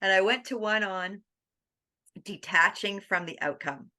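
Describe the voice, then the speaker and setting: A woman guest on an interview podcast, telling her story in a lively, animated way. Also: mid-range voice, unhurried. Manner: animated, acts out quoted dialogue with laughs.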